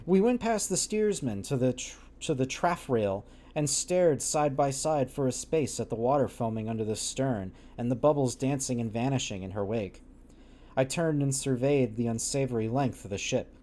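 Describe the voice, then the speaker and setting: A man's voice: mid-range voice, animated, normal speed, dark tone. A man reading a classic novel aloud on a livestream, stumbling over old wording and breaking off with wry, laughing asides. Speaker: livestream book reader.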